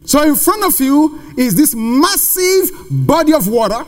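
A man's voice: very high-pitched, very animated, measured pace, few pauses. A man preaching a sermon to a congregation in a church, emphatic and full of rhetorical questions. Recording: long reverb of a large hall.

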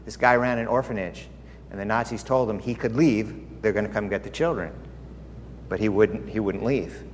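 A man's voice: lowish voice, normal speed, a little hiss or hum. A man preaching as a pastor, earnest and confiding as he tells a personal story within a sermon. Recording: long hall reverb, faint ambience.

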